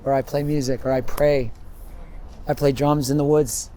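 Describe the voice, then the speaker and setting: A man in his fifties telling his story in a rambling, animated way on an outdoor street interview, laughing often. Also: medium pitch, moderate pace, a little hiss or hum. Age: 50s.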